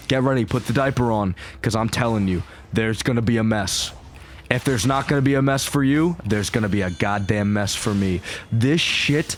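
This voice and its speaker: A man giving casual, excitable gameplay commentary, rambling and swearing freely as he plays. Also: mid-range voice, slight background noise. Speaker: gaming YouTuber.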